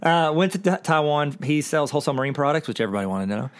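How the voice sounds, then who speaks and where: A young man co-hosting a casual podcast, talking quickly and joking as he rambles through a story. His voice sits a little higher than most men's. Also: animated. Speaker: podcast co-host.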